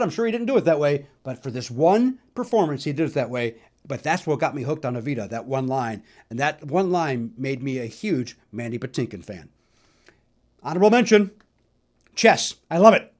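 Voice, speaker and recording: A middle-aged man from the Chicago area hosting a solo podcast, telling stories in a chatty, animated way with lots of fillers. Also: a little high. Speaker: podcast host. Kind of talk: solo musical nostalgia talk.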